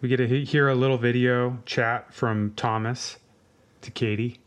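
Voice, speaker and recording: A man's voice: medium pitch, fairly even intonation, normal speed. A man co-hosting a podcast, laid-back, giving short agreements and blunt opinions. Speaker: podcast co-host. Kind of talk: casual chat.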